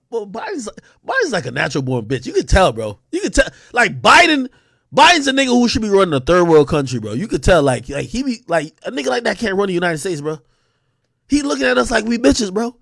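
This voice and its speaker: Man ranting on a livestream, high voice, swooping pitch, dry close sound, profane and mocking. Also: vocal fry, dry recording. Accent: New York. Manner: animated, profane, mocking impressions. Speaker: livestream host. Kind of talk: unscripted livestream rant.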